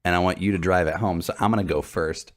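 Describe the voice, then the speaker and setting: A man co-hosting a podcast, easygoing and animated, swearing casually. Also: sits low, quick pace. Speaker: podcast co-host.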